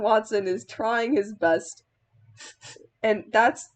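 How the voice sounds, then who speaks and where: Young woman, casual vlog chat, rambling, lots of fillers, giggly, mid-pitched voice. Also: animated, unhurried. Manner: rambling, heavy use of filler words; giggly, laughs mid-sentence. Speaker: cosplayer. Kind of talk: casual vlog chat while styling a wig.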